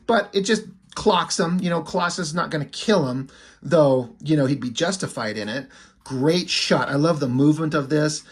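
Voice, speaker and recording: A man's voice: a little high, normal speed, slightly rough. A man giving casual, profane commentary as he reviews a comic page by page, thinking aloud and lingering admiringly on the art.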